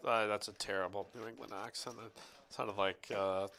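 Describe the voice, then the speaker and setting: A man's voice: fairly low pitch, steady tone, normal speed, pushed and bright, slight background noise. A man commenting live on a poker final table, rambling about football and reading viewer chat in a joking, casual way. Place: card room commentary booth.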